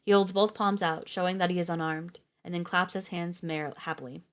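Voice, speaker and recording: Woman reading a book live, lowish voice, steady, trips on a word now and then. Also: a little fast, few pauses. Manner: steady reading with small slips and restarts. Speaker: streamer reading a novel aloud.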